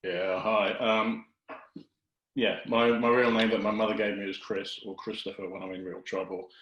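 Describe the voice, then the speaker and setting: Man, from the UK, lowish voice, relaxed, self-deprecating, roomy video call sound. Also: moderate pace. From United Kingdom. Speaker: guest advocate. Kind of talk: casual video chat. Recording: echoey room on a video call.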